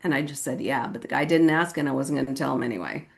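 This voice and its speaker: Fast-talking and marked by vocal fry, a Californian woman recounts her recovery story at a meeting. She's laid-back and talkative, leaning on "like" and "you know what I mean," and mimics quoted voices with an abrupt jump to a high pitch.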